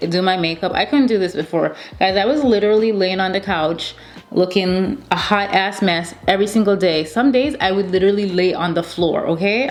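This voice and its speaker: A woman in her thirties chatting casually to camera as a beauty vlogger, telling a story with lots of repeated emphasis. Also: lowish voice. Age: 30s.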